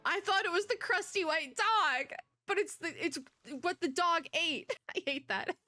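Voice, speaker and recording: A young woman VTuber doing let's play commentary, excitable, gushing and giggly, recorded at a home setup on a desk microphone. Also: very high-pitched, unhurried, no room sound. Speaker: VTuber gamer.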